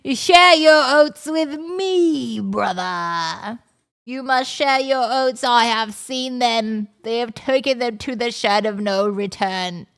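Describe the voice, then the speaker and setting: A woman voicing a solemn, pleading pig brother who speaks in slow, theatrical, mock-epic lines. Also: on the high side, expressive, gravelly, fairly bright tone, pitched above the performer's own voice, exaggerated voice. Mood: pleading, dramatic.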